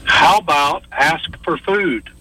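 A male caller with a slightly higher voice, chatting in an easygoing, self-mocking way. Clear background noise sits on his line. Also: slow pace. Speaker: radio caller.

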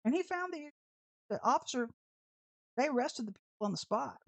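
Sassy woman preaching, higher voice. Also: lively intonation, moderate pace, creaky, no echo. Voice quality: brash, sassy, emphatic. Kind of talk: informal online sermon with storytelling.

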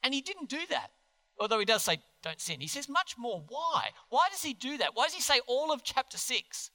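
A man preaching a sermon as pastor in a church, earnest and animated, putting questions to the congregation. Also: extremely high pitch, normal speed. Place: church hall. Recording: long hall reverb.

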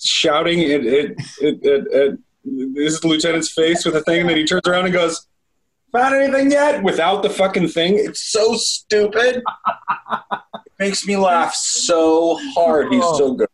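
A man co-hosting a comedy podcast in casual chat, animated and swearing often. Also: a little high, moderate pace, low-quality recording. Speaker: podcast co-host.

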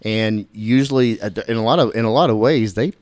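A man's voice: lowish voice, a little fast, darkish tone, no echo. A man hosting a podcast, asking a guest questions with some hesitation. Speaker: podcast host. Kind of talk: casual interview questions.

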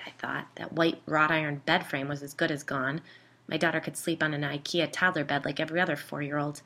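A woman's voice: sits low, little pitch movement, fairly quick, creaky, sharp tone. A woman narrating a first-person story in a wry, conversational way.

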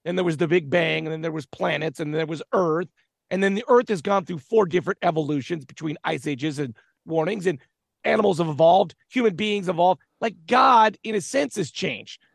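A man's voice: on the high side, fairly quick, vocal fry, no room sound, clean studio sound. A man co-hosting a casual talk show about faith, speaking in an earnest, reflective way. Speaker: podcast co-host.

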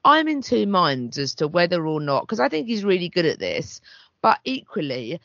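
A woman co-hosts a chatty podcast, her voice rising and falling with lively movement. She reasons things through in a measured way, often restarting a thought. The sound is dry and close with a slightly dull, muffled top. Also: fairly low pitch, creaky, no room sound. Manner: measured, thinking aloud with restarts. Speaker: podcast co-host. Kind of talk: casual discussion podcast.

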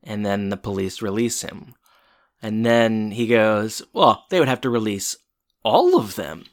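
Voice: mid-range voice, lively intonation, unhurried. Playful podcast co-host, casual recap. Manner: playful, jokey, acts out characters' lines. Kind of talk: casual chat.

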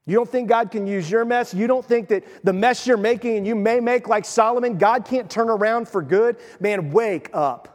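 A man's voice: high-pitched, moderate pace, hardly any pauses, long reverb tail. A man preaching a sermon as pastor, emphatic and asking his listeners questions. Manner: emphatic, asks the crowd questions.

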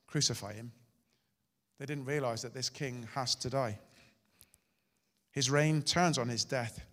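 A male pastor preaching a sermon, swinging between loud and hushed delivery. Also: mid-range voice. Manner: dramatic, shifting loud and soft. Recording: hall reverb.

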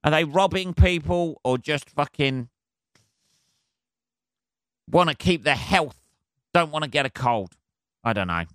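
A man's voice: a little high, expressive, measured pace, pauses often, a bit bright, dry recording, studio quality. A man hosting his own podcast, ranting alone in a sarcastic, rambling, heavily swearing way. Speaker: podcast host. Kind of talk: solo comedic rant.

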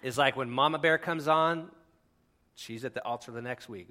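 Bright-voiced impassioned male pastor. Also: medium pitch, normal speed. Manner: impassioned, swinging from hushed to near-shouting; conversational, with asides and laughs. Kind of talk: sermon.

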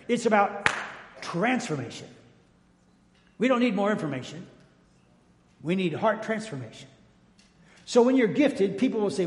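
An older male pastor preaching a sermon in a folksy, joking way, calling out to his congregation. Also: sits high. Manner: folksy, jokey preaching with call-outs to the congregation. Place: church sanctuary. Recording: echoey church hall.

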